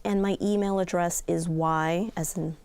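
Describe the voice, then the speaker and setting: A woman with a low, mellow voice talks as a guest in a community interview. She is earnest and pauses often with little fillers as she explains. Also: fairly even intonation. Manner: earnest, hesitant with many fillers. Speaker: nonprofit executive director. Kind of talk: casual interview chat.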